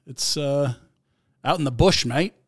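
A man co-hosting a sports podcast, tossing in quick asides and stories. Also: a little high, slightly rough, dry recording, clean studio sound. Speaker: podcast co-host. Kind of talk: casual sports podcast chat.

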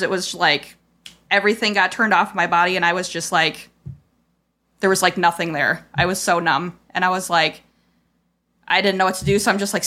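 With a fairly low, bright, forceful voice, this podcast host shares a painful family story. Her delivery is casual and meandering, crammed with "like" and quoted lines, and carries raw frustration.

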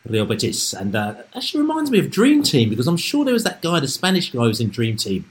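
A man hosting a casual football podcast over a remote call, excitable and rambling, often repeating himself. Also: fairly high pitch, quick pace, a little hiss or hum. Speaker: podcast host.

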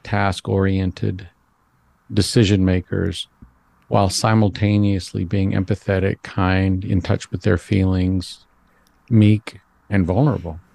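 A man being interviewed as a psychologist guest, speaking in a thoughtful, measured way and poking fun at himself. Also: low voice, flat delivery, gravelly, darkish tone. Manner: thoughtful, measured, self-deprecating. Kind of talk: conversational interview.

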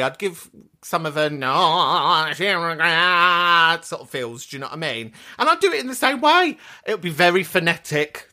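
A woman's voice: sits low, a bit bright. A woman hosting a podcast, chatting casually and swearing a lot. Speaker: podcast host. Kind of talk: casual chat.

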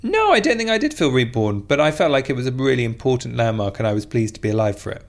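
A man's voice: medium pitch, big pitch swings, quick pace. A man hosting a podcast, reading listener messages aloud in chatty, playful casual talk. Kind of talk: casual chat.

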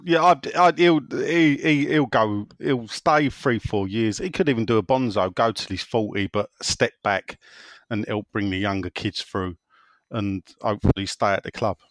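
A man's voice: on the low side, moderate pace, dry recording. A man hosting a football podcast, reading out listener messages in a jokey, laughing way. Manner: jokey, laughs often, lively. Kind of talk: casual chat.

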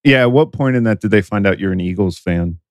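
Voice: deep voice, quick pace, dry recording, studio quality. A young podcast host chatting casually with a guest, laid-back and easily amused.

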